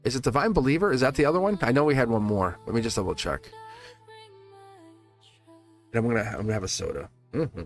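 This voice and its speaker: A man's voice: mid-range voice, expressive, fast, long pauses, faint music behind. A man hosting a live tarot reading, talking casually and encouragingly to his viewers, laughing often and restarting his words. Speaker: tarot reader hosting a livestream.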